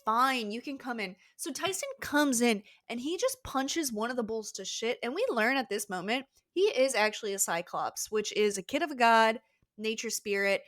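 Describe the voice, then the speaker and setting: A woman's voice: on the high side, expressive, moderate pace, no echo. Conversational woman co-host, dry sound. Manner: conversational, plays out characters' lines. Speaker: podcast co-host. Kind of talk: casual book discussion chat.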